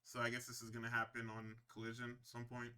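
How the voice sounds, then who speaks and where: A man co-hosting a podcast, casually recapping wrestling shows in an animated, profane way and slipping into quick impressions. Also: medium pitch, clear, resonant tone. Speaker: podcast co-host.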